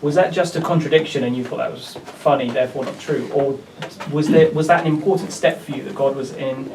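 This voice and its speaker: A man in the audience puts a careful, hesitant question to the speaker. His voice is slightly gravelly and a little higher than most. He sounds far off in an echoey room, with clear background noise. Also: steady tone, a little fast, a little mellow. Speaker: audience member asking a question.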